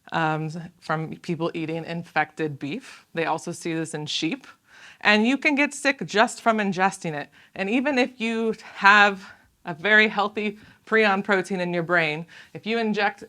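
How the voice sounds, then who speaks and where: A woman scientist gives a public lecture and reads from her own book, in a fairly low voice. She speaks in a measured, earnest way, pausing to think between phrases. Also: a bit bright. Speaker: author and scientist giving a talk.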